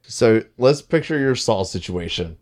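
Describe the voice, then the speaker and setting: A man's voice: lowish voice, expressive, a little slow, darkish tone. Laughing, swearing male podcast co-host. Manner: swears a lot, laughs often, acts out voices in stories. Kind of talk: casual banter.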